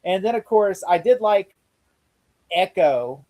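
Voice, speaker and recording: A man co-hosting a podcast in casual chat, animated, laughing often and acting out bits of dialogue as he retells scenes. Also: high voice, slow pace. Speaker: podcast co-host.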